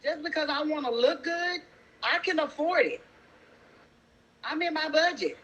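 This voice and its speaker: A single mother and teacher telling a story in a sassy, animated way, talking straight to her listeners. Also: high voice, a little slow, poor audio. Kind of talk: casual storytelling.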